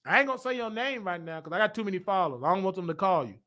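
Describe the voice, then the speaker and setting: A man hosting a show, telling a church story in a dramatic, preacher-like way that rises to shouts. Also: high-pitched, expressive, very fast. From Chicago. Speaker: show host. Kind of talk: animated storytelling monologue.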